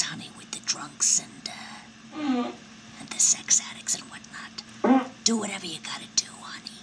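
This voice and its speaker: A woman playing a gassy, smothering middle-aged mother who talks in hushed, whispery tones and rambles with backhanded praise. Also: fairly low pitch, poor audio. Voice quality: often whispery, hushed so as not to wake her husband. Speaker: comedic character sketch performer. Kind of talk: character comedy monologue.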